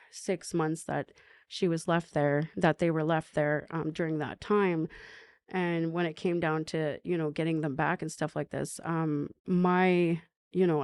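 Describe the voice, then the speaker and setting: A woman's voice: deep voice, a little mellow, no echo. A woman from Canada, a podcast guest, telling her personal recovery story in an earnest way and often tagging sentences with questions.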